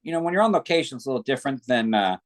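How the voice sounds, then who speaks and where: Man, guest actor, casual interview, chatty, spins long stories, mid-pitched voice. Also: expressive, rapid-fire. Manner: chatty, tells long anecdotes.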